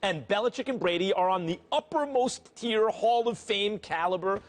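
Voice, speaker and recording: A man on a studio sports panel, laying out his argument in measured steps. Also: sits high. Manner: measured, builds an argument step by step. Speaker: sports analyst. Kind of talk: sports debate analysis. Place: television studio.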